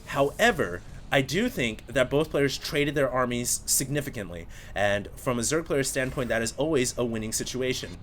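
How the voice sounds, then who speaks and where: A man casting a video game replay on his own, energetic play-by-play with excited bursts at big plays and chatty asides to his viewers. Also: medium pitch, normal speed, few pauses, slight background noise. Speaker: esports caster.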